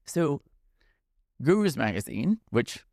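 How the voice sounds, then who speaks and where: A man's voice: on the high side, sing-song, slow pace, vocal fry, a little mellow, dry recording, studio quality. A man, a podcast guest, telling a heartfelt story in a tearful, emotional way, with many fillers and restarts.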